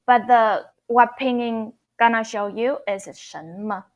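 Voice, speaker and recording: Slow, patient woman teaching. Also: on the high side, steady tone. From Taiwan. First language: Mandarin. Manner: patient, repeats phrases slowly for learners. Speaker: Mandarin teacher. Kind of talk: online language lesson.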